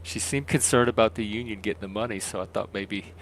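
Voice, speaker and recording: A man's voice: fairly low pitch, fairly even intonation, fairly quick, fairly bright tone, a little hiss or hum. A man casually chatting through a gameplay stream and talking to his chat. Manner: rambling, talks to chat.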